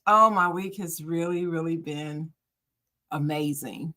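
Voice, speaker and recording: A woman's voice: low voice, slow pace, bright, forceful tone. An older woman, a grandmother, co-hosting a podcast in casual, rambling chat. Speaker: podcast co-host.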